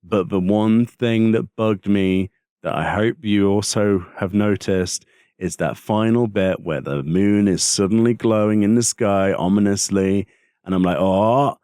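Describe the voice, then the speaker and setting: Low-voiced man hosting a gaming chat. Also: a little slow, clear, resonant tone, dry recording, studio quality. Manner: animated, acts out characters in exasperated voices. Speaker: podcast host.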